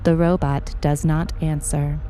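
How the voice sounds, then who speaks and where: A woman narrating a short story in an unhurried, even storytelling manner. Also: sits low, faint music behind. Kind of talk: audiobook reading.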